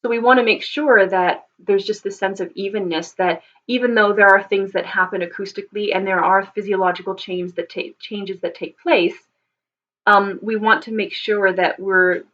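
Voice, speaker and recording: A woman's voice: medium pitch, a bit bright, lo-fi sound. A woman speaking as a voice teacher, thoughtfully explaining singing technique with frequent ums and restarts.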